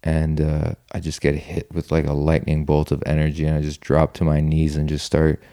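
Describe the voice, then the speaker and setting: A man's voice: very deep voice, monotone, moderate pace, mellow, no echo. A man telling a personal story in a loose, rambling way, full of "like" and "you know", with casual swearing. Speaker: guest telling his story.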